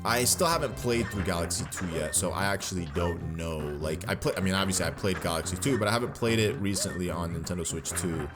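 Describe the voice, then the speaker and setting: Chatty man over loud game music. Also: low voice, fairly quick, hardly any pauses. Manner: chatty, slangy, rambling. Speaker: gaming video host. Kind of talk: casual gameplay commentary. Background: video game music.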